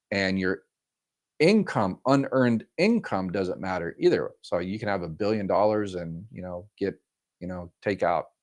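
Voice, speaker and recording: A man hosting a live stream, reading viewer comments aloud and answering them informally with many fillers and a friendly "y'all". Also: low voice. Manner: friendly, says "y'all" often. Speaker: host answering viewer questions. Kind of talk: live-stream Q&A, casual chat.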